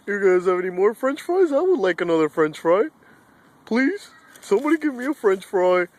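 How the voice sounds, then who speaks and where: A man's voice: high-pitched, very animated, normal speed. A man voicing a silly talking bird that begs for french fries, recorded outdoors in a park on a handheld camera. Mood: begging. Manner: silly, wheedling, begging. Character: greedy talking male bird begging fries. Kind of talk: playful home-video voicing.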